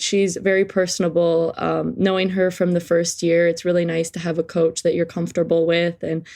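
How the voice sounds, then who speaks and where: A woman's voice: fairly low pitch, a little mellow. A young woman in her twenties, a soccer player answering interview questions in an earnest, upbeat way with frequent fillers. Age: 20s.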